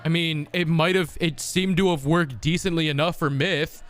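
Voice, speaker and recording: Young guy streaming, swears constantly, bright voice, faint music behind. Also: on the high side, steady tone, normal speed. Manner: crude, exasperated, swears a lot. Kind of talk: casual game-stream commentary.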